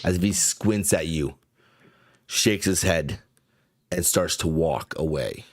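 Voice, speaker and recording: A man narrating a tabletop game as game master, halting and searching for words with many fillers. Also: deep voice, no room sound, clean studio sound.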